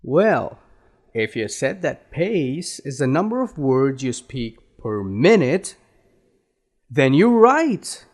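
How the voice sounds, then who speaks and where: Slow, animated male accent coach. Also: mid-range voice. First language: Indian. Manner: slow, deliberate, drawn-out explanations. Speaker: accent trainer. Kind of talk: instructional lesson.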